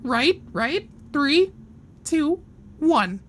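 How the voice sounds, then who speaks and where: A man putting on a shrill cartoon mouse voice while chatting through game commentary. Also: big pitch swings, drawn-out words, fairly bright tone, a little hiss or hum, heavily acted. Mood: chatty. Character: squeaky high cartoon mouse, cheerful male.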